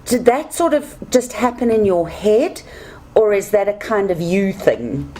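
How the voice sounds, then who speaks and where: Woman interviewer; unhurried and mellow, faint background hiss. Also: medium pitch, lively intonation. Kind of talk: casual interview chat.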